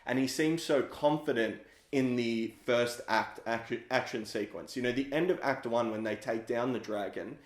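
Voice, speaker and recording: A man's voice: medium pitch, moderate pace, few pauses. A man co-hosting a casual film discussion podcast, critical and walking through plot points step by step. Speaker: podcast co-host. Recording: echoey room.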